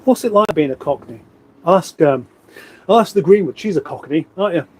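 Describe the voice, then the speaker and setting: A man's voice: on the high side, expressive, brisk, breathy edge, rough recording. A middle-aged man from England hosting a casual livestream, rambling on and reading viewer comments aloud. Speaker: livestream host. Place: home room, indoors.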